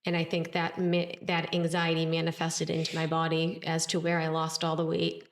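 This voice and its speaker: A woman co-hosting a podcast speaks frankly and reflectively, often hedging with "um" and "I'm not sure". Her voice is notably deep for a woman. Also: monotone, moderate pace. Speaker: podcast co-host. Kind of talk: casual chat.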